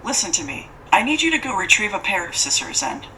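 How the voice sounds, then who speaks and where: A woman's voice: mid-range voice, big pitch swings, quick pace, bright, forceful tone, recorded from a distance, slight background noise, rough recording. A woman doing a cool, formal female monster. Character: aloof female monster fattening up a child.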